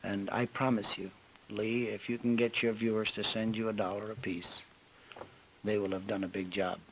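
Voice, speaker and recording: A man's voice: on the low side, level tone, moderate pace. A man telling an emotional personal story as a guest on a television panel show. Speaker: celebrity guest. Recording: dull 1961 TV broadcast with hiss.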